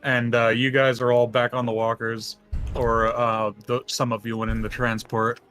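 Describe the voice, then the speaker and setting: A man's voice: medium pitch, flat delivery, moderate pace, a bit bright, soft background music. A man running a tabletop game as game master, chatting casually with many fillers and frequent laughs.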